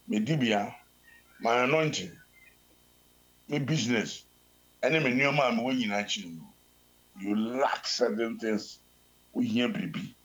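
A man's voice: a little high, low-quality recording. Man preaching a sermon. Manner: preaching, switching between Twi and English.

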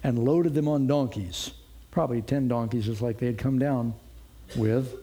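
Male pastor, warm and slightly raspy, teaching scripture conversationally. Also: mid-range voice, moderate pace. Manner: conversational, asks the listeners rhetorical questions. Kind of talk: expository sermon.

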